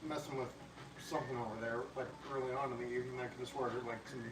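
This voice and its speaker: A man's voice: medium pitch, little pitch movement, very fast. A man chatting casually, rambling and hesitant as he explains what he thought he heard. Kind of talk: casual chat. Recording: distant echoey mic with loud noise.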